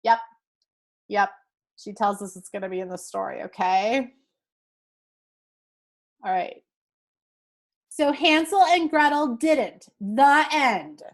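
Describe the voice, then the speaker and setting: A woman teacher slowly reading a picture book with young learners, explaining words and checking in often with "okay?". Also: fairly high pitch, animated. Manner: slow, clear, checks in with frequent "okay?".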